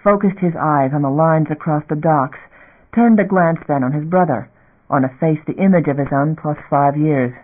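A man's voice: a little high, moderate pace. Man narrating a novel, tinny sound. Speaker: audiobook narrator. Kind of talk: scripted narration. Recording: tinny phone-like audio.

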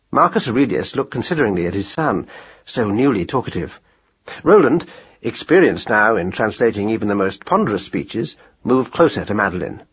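A man narrating a children's story in an expressive audiobook style, on a dull lo-fi recording. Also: fairly low pitch, moderate pace, husky.

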